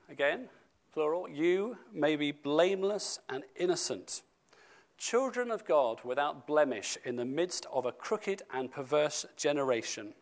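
A man preaching a sermon to his church, stressing key words and slowing down for scripture. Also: a little high. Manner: emphatic, slows down for scripture, speeds up for asides.

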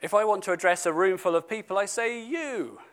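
A man preaching a sermon to his church, stressing key words and slowing down for scripture. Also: sits high, steady tone. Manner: emphatic, slows down for scripture, speeds up for asides.

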